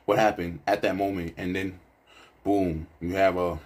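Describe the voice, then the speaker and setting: A man's voice: low voice, steady tone, normal speed. A man giving casual, reflective commentary on a film, loose and full of asides. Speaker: video essayist.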